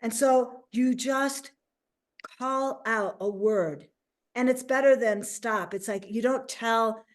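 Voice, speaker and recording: Woman host and life coach, casual interview, animated delivery, pitched a bit high. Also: slow pace. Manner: animated, acts out little quoted voices.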